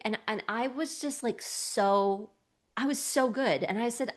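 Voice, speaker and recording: A woman's voice: on the high side, a little slow. A woman co-hosting a casual podcast as a somatic coach, talking with emphatic enthusiasm and frequent laughs.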